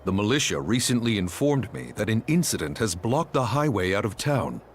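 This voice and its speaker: A formal male dignitary in a game, with a low voice that still moves lively in pitch. He questions in a measured, pointed way over faint music. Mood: probing. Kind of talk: game dialogue voice acting.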